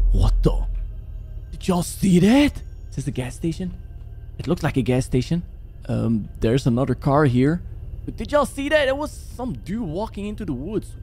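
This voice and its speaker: A man doing joking, animated play-by-play commentary while playing a horror game. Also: fairly high pitch. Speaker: gaming YouTuber.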